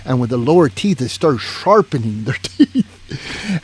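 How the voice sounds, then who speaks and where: A man's voice: mid-range voice, lively intonation, moderate pace. A man telling a long story in a casual podcast chat, rambling, swearing and restarting his sentences. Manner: rambling, profane, full of "you know" and restarts.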